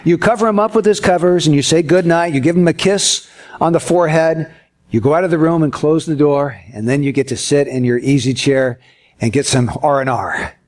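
A pastor preaching a sermon to his congregation, earnest and folksy, telling a homespun story with gentle humor. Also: a little high, a little fast.

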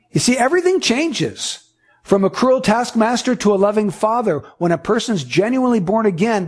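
A man preaching a sermon, earnest and emphatic, driving points home with repetition. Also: high-pitched. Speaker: pastor.

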